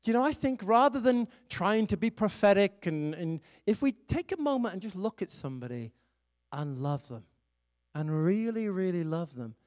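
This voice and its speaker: A man's voice: fairly high pitch, a little mellow. A middle-aged man, an evangelist and pastor, preaching a sermon and telling a personal story in a conversational way, laughing now and then.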